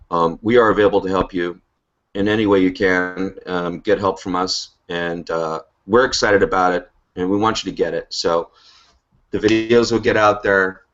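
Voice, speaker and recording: A man with a somewhat low voice delivers a motivational pitch as host of an online team call. He drives his points home emphatically and keeps tagging his lines with "okay?" and "right?". The sound is dull and lo-fi, like web call audio. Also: a bit bright. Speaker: host of a business update call. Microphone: online video call.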